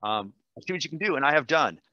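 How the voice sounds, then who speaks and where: A man, a language teacher, demonstrating software in a webinar, enthusiastic and quick, with fillers and self-corrections. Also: fairly high pitch, lively intonation, no echo, muffled recording. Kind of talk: screen-share webinar demo.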